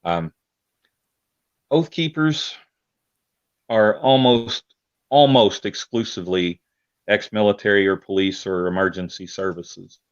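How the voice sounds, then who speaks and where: A man with an Indiana accent speaks as a guest over a video call, hesitant and full of ums and restarts. His voice is very low. The call audio is dull and lo-fi. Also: measured pace, long pauses. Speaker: guest, militia member.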